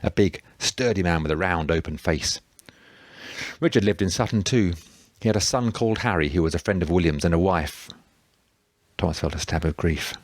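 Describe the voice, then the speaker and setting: A man reading a novel aloud in steady, measured narration. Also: sits low, no room sound. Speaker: audiobook narrator. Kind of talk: scripted narration.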